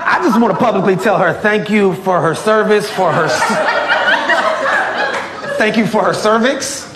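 A man in his forties from Virginia doing a stand-up comedy set, brash and profane with loud outbursts. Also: sits high, normal speed, heavy background noise. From Tidewater, Virginia, USA. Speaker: stand-up comedian, military veteran. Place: comedy club stage. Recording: roomy club with audience laughter. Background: crowd laughing and clapping.

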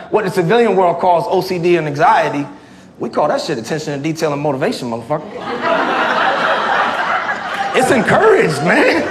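A man in his forties from Virginia doing a profane stand-up comedy set, with loud bursts and laughing through his punchlines. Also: high voice, background noise. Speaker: stand-up comedian and military veteran. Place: comedy club stage before a live audience. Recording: echoey club with loud crowd laughter.

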